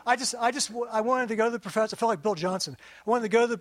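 High-voiced preaching man, chatty. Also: rapid-fire, few pauses. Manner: conversational preaching, drops to soft emphasis on key lines. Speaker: pastor. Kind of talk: sermon.

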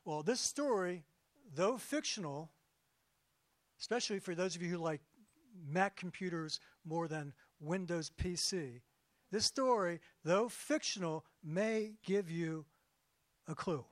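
A man giving a sermon as pastor, conversational and jokey, slowing down for emphasis. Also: high-pitched, dry recording.

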